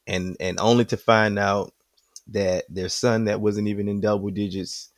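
A young man co-hosting a podcast, telling a childhood story in a lively, profane, casual way. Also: on the low side, normal speed, no echo, studio quality. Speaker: podcast co-host.

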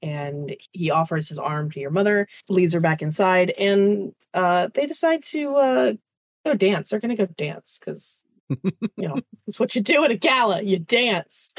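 A woman narrating a tabletop game as game master, in a casual, halting way with fillers. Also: mid-range voice, lively intonation, dry recording.

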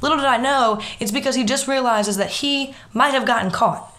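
A young woman telling a story in casual chat, animated and swearing freely. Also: high voice, brisk.

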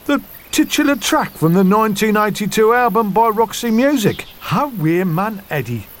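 A high, swooping Newcastle accent for a fussy farm wife who wrings every line for drama. The radio soap parody is theatrical and overdone, and the voice leaps up and down through each sentence. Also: male voice, big pitch swings, moderate pace. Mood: dramatic. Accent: Newcastle, put on. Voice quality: exaggerated, theatrical.

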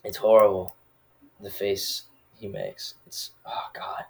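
A man's voice: fairly low pitch, little pitch movement, takes it slowly, gravelly. A man casually recapping a movie, rambling and full of filler words.

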